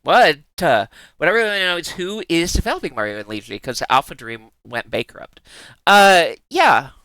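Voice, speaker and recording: Giggly, rambling male streamer, bright voice. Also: fairly high pitch, lively intonation, normal speed, no room sound. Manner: giggly, rambling, playful asides with many restarts. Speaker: live streamer. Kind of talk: casual stream chat.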